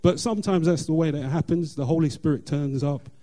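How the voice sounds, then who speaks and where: A middle-aged man, sharing a personal faith testimony in an earnest, halting way with many fillers and restarts. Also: on the high side, warm tone. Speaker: church member sharing testimony.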